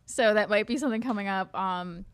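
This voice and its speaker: A woman's voice: medium pitch, fairly quick, clean tone, dry recording. Chatty woman podcast co-host. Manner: chatty, rambling with fillers. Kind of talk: casual chat.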